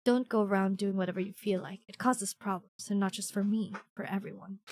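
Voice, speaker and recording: A woman voicing a cool, stern young female student from a game, speaking low and coldly. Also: steady tone, a little fast, darkish tone, close to an everyday voice. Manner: low, cold and reprimanding.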